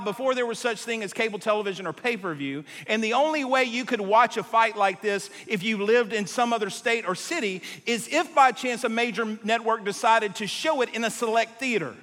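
A man preaching a sermon to a live congregation, telling a story animatedly and jumping between tangents. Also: very high-pitched. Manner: animated, jumps between tangents, acts out quotes. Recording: long reverb of a large hall.

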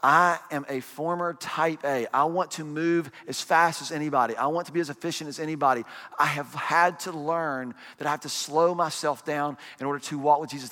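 A man in his forties preaching a sermon, telling stories with lively energy and asking the congregation rhetorical questions. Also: on the high side, big-room sound. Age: 40s. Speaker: pastor.

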